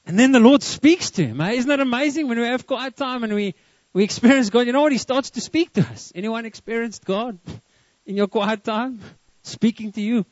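A man preaches with a high voice, stopping often to put questions to his listeners. The recording is close and dry. It sounds a little muffled. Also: brisk, no echo. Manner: lively, asks the congregation questions. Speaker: pastor. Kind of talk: sermon.

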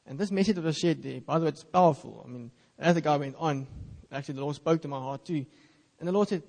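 A man's voice: a little high, quick pace, vocal fry, hardly any pauses, a little mellow, in a large hall. A man, an Afrikaans speaker, preaching a sermon in an earnest, conversational way and reading scripture aloud.

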